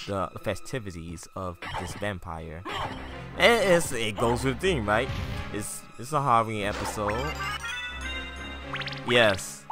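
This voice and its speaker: A man giving casual, animated commentary on his gameplay, joking and trash-talking the enemies. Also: on the low side. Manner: animated, trash-talks enemies, jokey asides. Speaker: let's play commentator.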